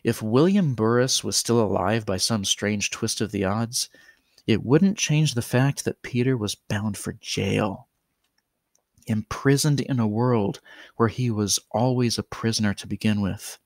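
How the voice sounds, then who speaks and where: Slow, deliberate male storyteller. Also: lowish voice, dry recording, clean studio sound. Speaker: narrator. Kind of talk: horror story narration.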